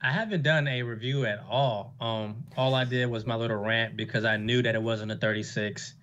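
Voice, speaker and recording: A young man guesting on a casual movie review chat, relaxed and full of slang. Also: mid-range voice, moderate pace, dull audio.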